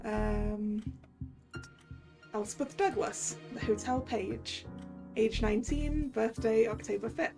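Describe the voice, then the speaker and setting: A woman's voice: a little high, a little slow, gravelly, mellow, soft background music. A woman streamer commenting casually on a game, chatty and giggly, poking fun at herself. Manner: chatty, giggly, self-mocking.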